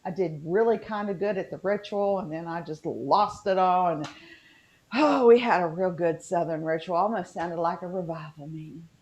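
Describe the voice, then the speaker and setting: A woman's voice: on the low side, normal speed, darkish tone. A woman with a West Virginian accent, co-hosting a casual chat over a video call, rambling with frequent ums. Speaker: co-host.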